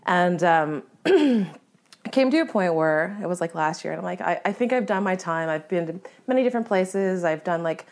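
A woman telling a story as a guest in a conversation, animated, laughing often and acting out her own reactions. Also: fairly low pitch, normal speed. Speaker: guest hunter.

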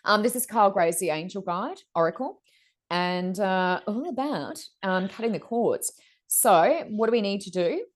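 A middle-aged woman co-hosting a podcast, telling stories in a chatty, animated way and acting out other people's lines. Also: fairly low pitch. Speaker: podcast co-host. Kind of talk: casual storytelling chat.

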